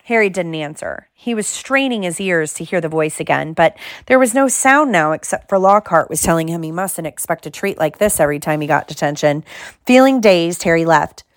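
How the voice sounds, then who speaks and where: Calm woman reading a storybook aloud. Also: on the low side, no room sound, studio quality. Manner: calm, measured narration. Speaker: audiobook reader.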